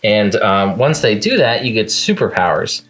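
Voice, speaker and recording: A man's voice: fairly low pitch, sing-song, normal speed, fairly bright tone, slight background noise. A man talking casually in a manga review vlog, chatty and amused, often laughing at the scenes he recaps.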